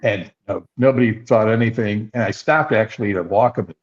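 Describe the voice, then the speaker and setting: A man's voice: lowish voice, brisk. An older man, a podcast co-host, telling rambling anecdotes in casual chat and acting out the quotes. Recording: slightly dull lo-fi sound.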